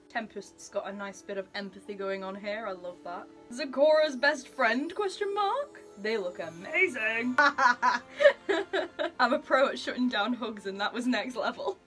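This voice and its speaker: Bright, gushing woman. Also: medium pitch. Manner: gushing, giggly, exclamatory. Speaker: comic reaction vlogger. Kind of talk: excited reading reaction.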